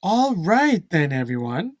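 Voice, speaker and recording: A man teaching a speaking-test lesson, explaining scores slowly and emphatically and checking in with "okay?" after each point. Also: high voice, very animated, no echo. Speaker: language test instructor.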